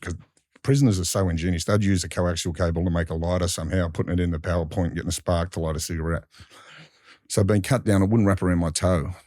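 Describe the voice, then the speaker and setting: An Australian man with a deep, mellow voice recounts his past in a candid interview. He rambles through his story with restarts and colloquial turns of phrase, often acting out what others said. The sound is dry and close. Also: no room sound. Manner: rambling with frequent restarts and fillers; colloquial, acts out others in dialogue. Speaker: guest telling his life story.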